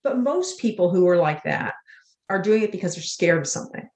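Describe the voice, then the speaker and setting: An older woman, an author and interview guest, talking in an earnest, unhurried way and telling spiritual stories. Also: fairly low pitch, expressive, darkish tone. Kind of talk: reflective interview talk. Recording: roomy echo.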